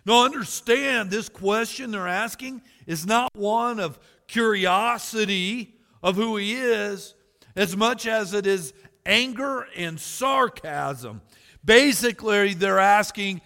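A man's voice: high voice, slow, gravelly, bright, forceful tone, big-room sound. A man preaching a sermon as pastor, earnest, building emphasis and joking asides to the congregation.

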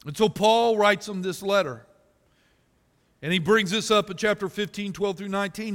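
Pastor, male, high bright voice, folksy and emphatic, big church reverb. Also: normal speed. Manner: folksy storytelling preacher, rises to loud emphasis. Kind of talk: sermon. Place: church sanctuary. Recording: reverberant hall.

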